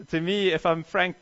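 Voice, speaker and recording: Earnest preaching man, slightly high voice. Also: lo-fi sound. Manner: earnest preaching with emphatic rising stresses and rhetorical questions. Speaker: pastor. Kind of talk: sermon.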